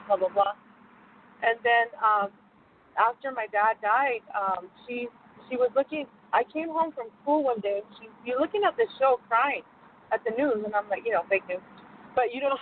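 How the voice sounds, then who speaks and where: A woman telling her story as a guest in a casual, rambling way, laughing often. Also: fairly high pitch. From United States. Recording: muffled phone line with faint noise.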